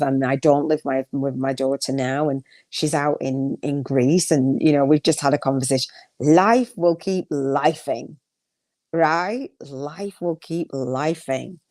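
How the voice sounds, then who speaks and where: Low-voiced woman podcast host musing. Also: darkish tone, no room sound. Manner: rambling, with restarts and affirmations. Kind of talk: casual reflective solo podcast.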